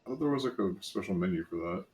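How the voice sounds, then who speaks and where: A man's voice: deep voice, expressive, quick pace, darkish tone, low-quality recording. A man co-hosting a let's play with a slight lisp, chatting casually, rambling and correcting himself as he goes. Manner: rambling, self-correcting, joking. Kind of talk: casual gaming chat.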